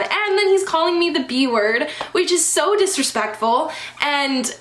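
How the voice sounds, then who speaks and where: High-voiced chatty young woman, echoey room. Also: a little slow. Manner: chatty, filler-heavy "like", animated and exasperated. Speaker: vlogger. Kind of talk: storytime vlog, casual chat.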